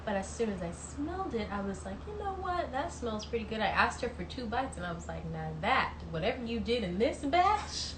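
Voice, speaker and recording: A woman's voice: a little high, sing-song, normal speed, few pauses. A young woman from the American South chatting casually and in an easygoing way, often laughing. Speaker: singer on a livestream. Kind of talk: casual chat. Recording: echoey room, audible background noise.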